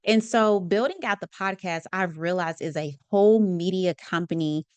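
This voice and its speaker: A woman with a lowish, smooth voice hosts her own podcast at a normal pace, recorded with no room sound. In this casual solo monologue she speaks to listeners in a chatty, expressive way, full of fillers and asides.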